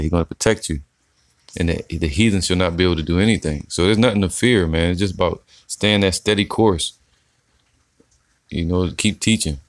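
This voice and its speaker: A man giving casual, slangy religious commentary, reading scripture slowly and tagging his sentences with "man". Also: sits low, no echo, clean studio sound. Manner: slangy, profane, preachy, says "man" often; slow deliberate scripture reading.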